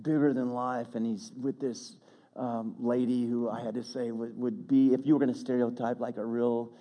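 A man's voice: mid-range voice, level tone, warm tone. Folksy pastor man in a reverberant hall. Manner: folksy, chatty, self-deprecating with quick laughs. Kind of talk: sermon storytelling. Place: church sanctuary.

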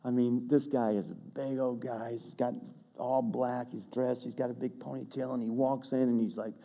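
Male pastor, folksy storytelling sermon, mellow warm tone, long hall echo. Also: medium pitch, steady tone, gravelly. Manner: folksy, chatty, self-deprecating with quick laughs. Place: church sanctuary.

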